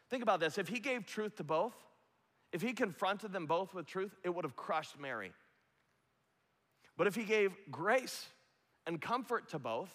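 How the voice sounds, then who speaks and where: High bright preaching man in a hall. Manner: impassioned, preacherly, acts out quotes. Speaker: pastor. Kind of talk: sermon. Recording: long echo of a large hall.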